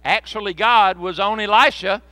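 A man preaching a sermon, folksy and animated, with joking asides to the congregation. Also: sits high, moderate pace, no echo. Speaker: pastor.

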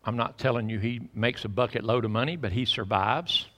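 A man preaching a sermon in a church, folksy and preachy, swinging between loud emphasis and hushed asides. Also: medium pitch, brisk. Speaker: pastor. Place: church sanctuary. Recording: reverberant church hall.

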